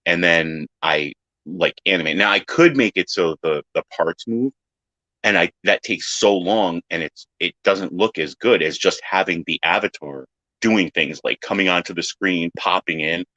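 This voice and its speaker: A man in casual chat who tells animated stories, acting out other people's lines in silly high voices and swearing freely. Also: normal speed, no room sound. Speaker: podcast panelist. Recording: dry, dull lo-fi sound.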